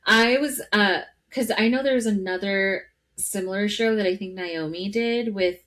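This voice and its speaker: A woman's voice: medium pitch, moderate pace, a bit bright. A woman co-hosting a podcast in casual chat, talking with lots of fillers and often overlapping her co-host.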